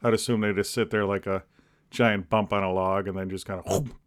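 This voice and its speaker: A man co-hosting a podcast, cracking deadpan jokes in casual rambling chat. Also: deep voice, a little fast, clean tone. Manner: deadpan jokey, rambling with restarts. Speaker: podcast co-host.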